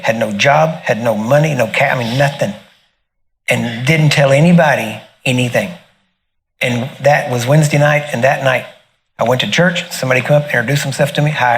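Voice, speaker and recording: A middle-aged man telling a personal testimony in a casual, animated way, often laughing and acting out the other people in the story. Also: medium pitch. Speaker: minister sharing a testimony.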